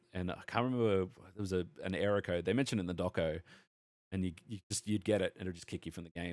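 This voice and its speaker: A lowish-voiced Australian man on a casual podcast, spinning a long, animated anecdote full of restarts and swearing. His voice sits dry and close, with no room sound around it. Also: no room sound. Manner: rambling anecdote, heavy swearing, animated retelling. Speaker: podcast co-host. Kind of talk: casual chat, storytelling.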